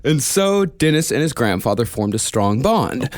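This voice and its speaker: A man's voice: medium pitch, sing-song, normal speed. Wry man retelling research. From United States. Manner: profane, wry storytelling. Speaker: podcast co-host, lead researcher.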